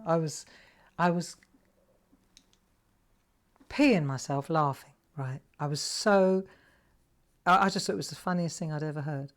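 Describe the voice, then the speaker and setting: A woman's voice: fairly low pitch, normal speed, long pauses. A middle-aged woman hosting a live crafting show from home, chatting and telling a rambling story while she paints. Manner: chatty, rambling storyteller who laughs often. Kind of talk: live crafting demonstration with chat.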